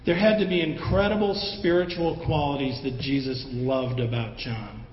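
A man preaching a sermon in a conversational, animated way, acting out the voices of the people in his story. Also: medium pitch, moderate pace, slight background noise. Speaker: pastor. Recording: roomy hall with long echo, dull sound, faint ambience.

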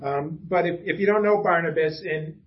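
A man preaches a casual sermon to a small church gathering. His voice sits a bit higher than usual, and he delivers it conversationally, with homey asides and stumbling restarts. The recording is muffled and lo-fi. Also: normal speed. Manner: casual and chatty, with self-deprecating asides and frequent restarts. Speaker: pastor. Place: church room with a small congregation.

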